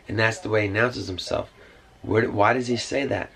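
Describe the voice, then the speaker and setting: A man's voice: on the low side, moderate pace, slight background noise, low-quality recording. A man rambling through a casual monologue to camera, meandering with many fillers and side remarks. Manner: meandering, full of fillers and asides. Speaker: vlogger. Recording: music playing behind.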